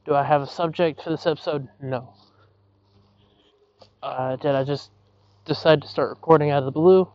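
A man's voice: fairly high pitch, steady tone, moderate pace, pauses often, darkish tone, highs cut off. A man hosting a podcast, rambling apologetically while hot and breathing heavily outdoors in a yard, recorded without his usual headset. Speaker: podcast host. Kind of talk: casual rambling monologue. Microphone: not his usual headset.

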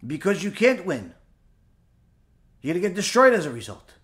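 Male rabbi, high-pitched, emphatic sermon delivery rhetorical questions. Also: big pitch swings, normal speed. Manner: emphatic, rhetorical questions, mixes Hebrew terms. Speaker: rabbi giving a Torah class.

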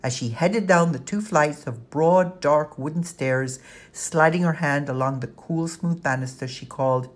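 A woman reads a novel aloud in a measured, storytelling manner. Her voice is low for a woman and has a husky grain. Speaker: audiobook narrator. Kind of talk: scripted narration.

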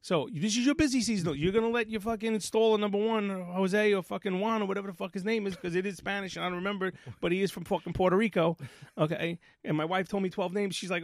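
A man co-hosting a podcast, telling a story in a profane, animated rant. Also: high-pitched, fast, dry recording, studio quality. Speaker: podcast co-host. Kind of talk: casual ranting chat.

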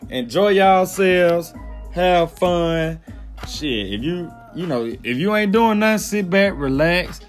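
A young Southern man from Mississippi, talking in a casual podcast with a high voice that climbs and drops all over the place. His storytelling is loose and full of profanity, with playful shifts into other people's voices. A faint music bed sits under the talk. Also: animated, slow. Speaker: podcast co-host.

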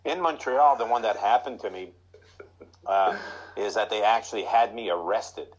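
Husky-voiced man telling hockey stories. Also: normal speed, poor audio. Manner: animated anecdotes, high put-on voices for quoted lines. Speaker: former pro hockey player, guest. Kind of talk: casual storytelling.

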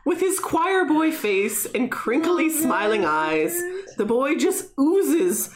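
A woman's voice: high-pitched, sing-song, slow pace, crowd noise. A woman reading an article aloud to friends, breaking off for laughing asides. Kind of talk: reading aloud, casual chat.

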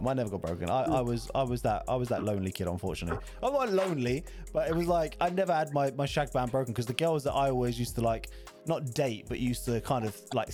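A man's voice: mid-range voice, darkish tone. A young man from South London with a South London accent, co-hosting a live stream in casual, sweary chat and laughing often. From South London, England. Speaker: stream co-host.

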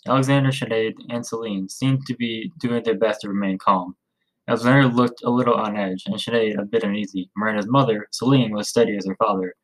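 A man narrates a storybook in a steady, even reading voice. His voice sits somewhat low. He stumbles and restarts now and then. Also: a little fast, poor audio. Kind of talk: audiobook narration.

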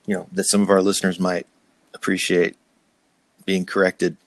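A man, a pastor and host from New Jersey, talking in a casual church conversation with many restarts and soft laughs. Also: low voice, monotone, moderate pace, no room sound.

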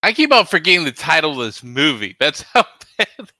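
A man co-hosting a casual movie podcast, animated and laughing often as he talks. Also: fairly high pitch, normal speed, no echo. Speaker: podcast co-host.

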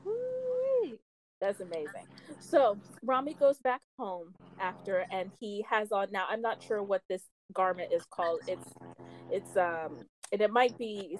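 A woman's voice: medium pitch, lively intonation, normal speed, a little hiss or hum, low-quality recording. Chatty woman recapping a show. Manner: chatty, laughs often, acts out characters' lines. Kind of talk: casual chat, recapping a TV show.

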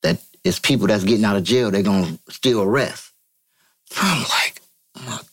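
A man from Vallejo, California, telling a story as an interview guest, profane and animated, acting out quotes in a higher voice. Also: moderate pace, breathy edge. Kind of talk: casual storytelling.

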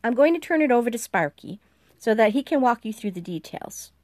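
A woman's voice: fairly high pitch, big pitch swings, a little fast, darkish tone, dry recording, voice pushed up. A poised female president, voiced by a woman narrator, speaks in a raised, carrying register. Every phrase comes out carefully enunciated and formal, as if briefing a room. The audiobook read is dry and close. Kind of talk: audiobook dialogue.

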